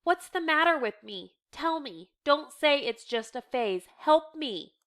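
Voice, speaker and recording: A woman's voice: sits high, lively intonation, measured pace, fairly bright tone, pitched above the performer's own voice. A woman voicing a frightened, defiant teenage girl in an earnest, pleading read.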